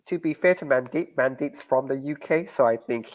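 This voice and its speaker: A man chats loosely on a podcast, his voice sitting at an ordinary middle pitch. He talks with animation and laughs often between points. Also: moderate pace. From Australia. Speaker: podcast host. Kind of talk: casual chat about a TV series.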